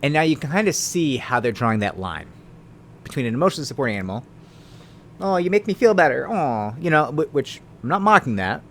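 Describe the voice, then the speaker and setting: A man's voice: mid-range voice, a bit bright, a little hiss or hum. A man, a lawyer, explaining the law in a casual video, talking conversationally with tag questions and dry sarcastic asides.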